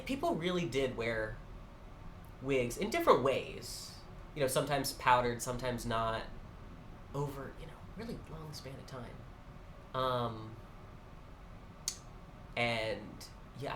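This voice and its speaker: A man's voice: medium pitch, big pitch swings, unhurried, long pauses, a bit bright. A man co-hosting a podcast, musing and digressing as he thinks aloud in casual conversation. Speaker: podcast co-host. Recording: echoey room, faint background noise.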